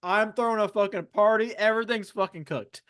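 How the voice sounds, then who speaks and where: A man's voice: sits high, brisk, a bit bright, clear, resonant tone, dry recording, clean studio sound, voice pushed up. A man voicing a cheerful, boisterous male hobbit who loves eating and drinking. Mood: jovial. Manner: boisterous, jovial. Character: cheerful party-loving male hobbit elder.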